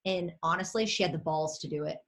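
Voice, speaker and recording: An animated woman giving a motivational talk on a video call, emphatic, acting out little quotes and laughing as she goes. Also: low-pitched, quick pace. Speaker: network marketing leader speaking as a guest.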